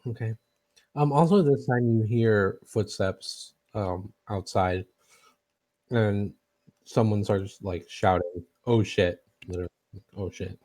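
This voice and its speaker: Low, mellow-voiced male game master. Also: slow pace. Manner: hesitant, many fillers. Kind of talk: narrating a tabletop game.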